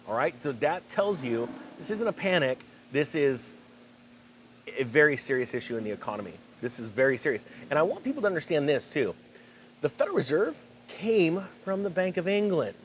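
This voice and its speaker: A man's voice: on the high side, expressive, fairly quick, a little hiss or hum. A man hosting a finance commentary vlog, talking emphatically and sarcastically with rambling asides. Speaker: finance channel host.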